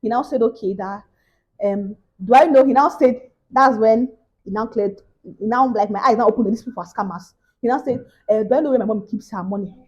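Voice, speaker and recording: A young Nigerian woman with a Nigerian English accent, chatting to her viewers in a casual vlog. Her voice sits a little on the high side. She tells her story animatedly, jumping from loud exclamations to hushed asides. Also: fairly quick. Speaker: vlogger.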